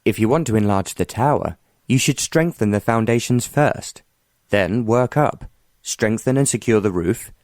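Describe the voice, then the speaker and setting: A man's voice: on the low side, moderate pace, no room sound, clean studio sound, close to an everyday voice. A man playing a mild, wry earl. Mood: calm wry. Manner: mild, wry, stubbornly calm. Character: mild, wry former naval officer earl.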